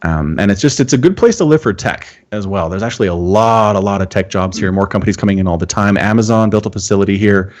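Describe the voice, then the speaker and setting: A man from Utah, a guest on a casual live-stream chat, explaining things in a relaxed, storytelling way. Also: on the low side, fast, hardly any pauses. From Utah, USA. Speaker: podcast guest.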